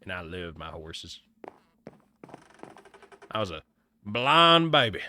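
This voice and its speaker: Young male game streamer, from Nebraska, rambling casual chat with a crisp, bright tone and faintly low voice. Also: flat delivery, slow pace. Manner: rambling, chatty, reads chat aloud. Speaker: livestreamer. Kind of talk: casual chat while gaming.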